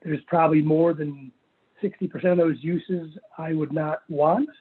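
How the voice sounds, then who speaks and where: A man with a somewhat high, husky voice makes his case at a public hearing, reading passages aloud in a methodical, earnest way. His voice comes through a thin, phone-like video-call line. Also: fairly even intonation, normal speed. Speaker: property owner applicant. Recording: phone-like virtual meeting audio.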